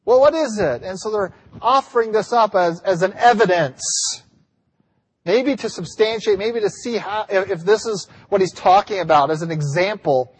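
A male pastor preaching a sermon, emphatic and building to near-shouts on key points. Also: high voice, moderate pace, slightly rough. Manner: emphatic, rising to near-yells on key lines. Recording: long hall reverb.

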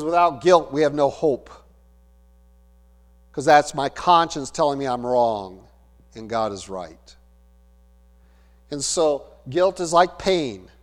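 Middle-aged male pastor, emphatic conversational sermon, slightly high voice, echoing church hall with hum. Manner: emphatic, conversational preaching with rhetorical questions. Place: church sanctuary. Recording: long hall reverb with mains hum.

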